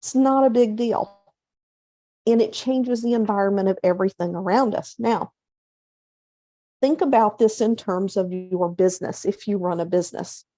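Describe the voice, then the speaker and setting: A middle-aged woman hosting a casual motivational talk, conversational, acting out inner self-talk and slowing down to stress key points. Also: mid-range voice, warm tone, no echo. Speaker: hypnotherapist and coach, show host.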